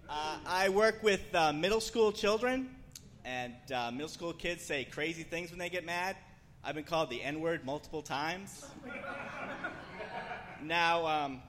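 A young man telling dry, deadpan jokes at a comedy club, his voice sitting a bit high. He hesitates with small fillers between the punchlines. Faint venue noise hangs behind him. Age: young adult. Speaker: stand-up comedian. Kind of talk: stand-up set.

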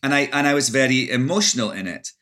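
A man's voice: medium pitch, fast talker, bright, forceful tone. A middle-aged Scottish man, an actor, reflecting in a casual interview with many restarts.

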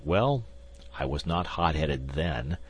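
A man's voice: extremely low pitch, slow, husky, full character voice. A man doing Athos, a wry, indifferent musketeer. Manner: calm, drawling and wry. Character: coolly indifferent older male musketeer, wry gambler. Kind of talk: audiobook character reading.

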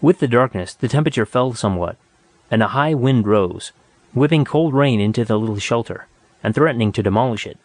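A man reading a story aloud in a steady, measured narration. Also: mid-range voice, dry recording. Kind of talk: audiobook narration.

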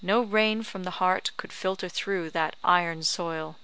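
Bright, crisp woman narrating a memoir. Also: fairly low pitch, unhurried, rough recording. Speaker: audiobook narrator. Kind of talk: reading a memoir aloud.

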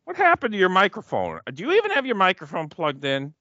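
A man's voice: sits high, wildly swooping pitch, quick pace, sharp tone, dry recording, dull audio. A man co-hosting a podcast in casual chat, joking, laughing often and swearing freely. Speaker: podcast co-host. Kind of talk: casual chat watching old wrestling.

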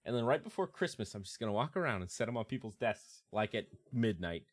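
A man's voice: lowish voice, very animated, fast talker. A young man, a podcast co-host, telling stories in casual chat while laughing and swearing a lot.

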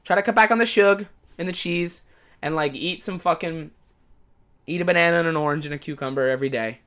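A man's voice: fairly high pitch, quick pace, fairly bright tone. A man hosting a podcast, talking in a casual monologue, with a profane, exasperated, comic ranting manner. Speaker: podcast host.

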